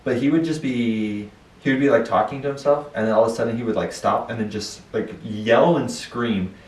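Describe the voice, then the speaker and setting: A man's voice: mid-range voice, brisk. Young man telling stories, roomy sound. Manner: animated storytelling with laughs. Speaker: podcast co-host. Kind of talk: casual chat. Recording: roomy, distant mic.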